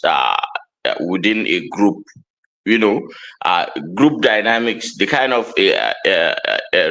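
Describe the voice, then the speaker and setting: Slow hesitant man. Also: on the low side, pushed and bright, rough recording. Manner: hesitant, many fillers and restarts. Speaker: guest. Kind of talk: live talk show discussion.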